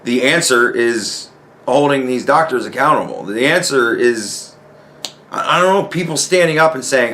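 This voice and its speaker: A man's voice: a little high, normal speed, a bit bright, a little hiss or hum. A man giving ranting personal commentary as host, exasperated and profane, firing off rhetorical questions.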